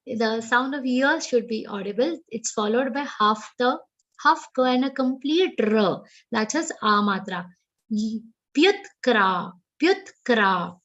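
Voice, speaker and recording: A woman with an Indian English accent teaching Sanskrit pronunciation in an online class, chanting verses slowly and correcting each sound precisely. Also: a little high, lo-fi sound. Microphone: online video call.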